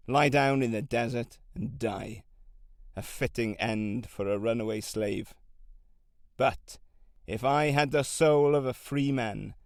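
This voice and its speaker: A man in an audiobook reads as a hardened camel trader who once fled as a slave and now speaks with steady resolve. His delivery is measured and solemn, pitched in a middling register, and the sound is dry and close with no room around it. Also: dry recording, lightly acted. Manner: measured, solemn, old-fashioned phrasing. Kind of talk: audiobook reading.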